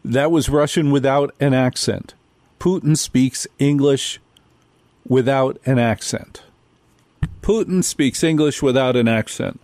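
A man's voice: mid-range voice, slow, darkish tone, no room sound. A male radio host delivering a talk monologue, hammering his points with repetition. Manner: emphatic, repeats key points again and again.

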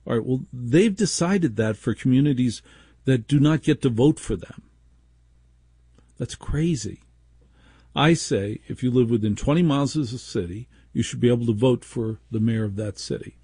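A man's voice: mid-range voice, moderate pace, mellow, breathy edge, no room sound, clean studio sound. A man hosting a call-in radio talk show, chatty and self-mocking.

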